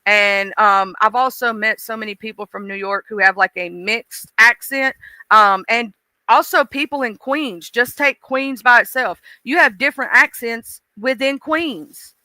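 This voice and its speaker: A woman's voice: a little high, measured pace, sharp tone, dry recording. A woman with a mixed Southern accent, chatting casually on a live stream and talking straight to her viewers in a folksy way.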